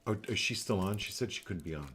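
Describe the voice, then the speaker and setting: A man's voice: low voice, animated, fast, a bit bright, a little hiss or hum. A man hosting a live card-reading show, speaking directly and coaching each viewer, often repeating phrases for emphasis.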